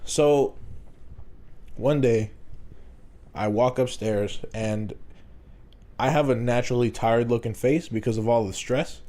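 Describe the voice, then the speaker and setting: A podcast co-host tells a rambling, profane story about work in a casual storytelling chat, laughing frequently. His warm, mid-range voice moves a little slowly, with long pauses.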